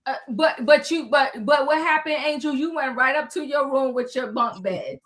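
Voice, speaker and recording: A woman co-hosts a recap of a reality show, chatting casually and animatedly voicing the cast's quotes in slang. Her voice is high and her pace moderate.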